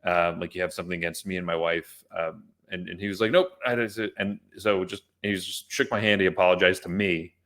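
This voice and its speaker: A man co-hosting a podcast tells a story in a casual chat, restarting often and using plenty of fillers. His voice is low and steady, with a fairly bright tone, and he talks briskly with few pauses.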